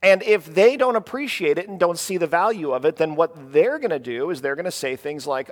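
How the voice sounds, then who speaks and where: Halting male preacher in a reverberant hall. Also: on the high side, lively intonation. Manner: halting, restarts and fillers, conversational storytelling. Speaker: pastor. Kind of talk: sermon with personal stories.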